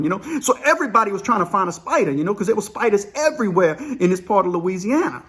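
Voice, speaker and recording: Husky high-voiced man telling a story. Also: fast talker, hardly any pauses. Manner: animated, acts out quoted dialogue, peppers speech with "man" and "you know". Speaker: storyteller recalling prison life. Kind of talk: casual spoken storytelling.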